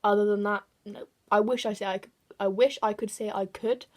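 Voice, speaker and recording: A woman's voice: medium pitch, steady tone, fairly quick. Chatty giggly English teen girl. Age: teens. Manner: chatty, giggly, self-correcting, trailing off quietly. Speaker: vlogger. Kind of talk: casual chat answering tag questions. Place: bedroom.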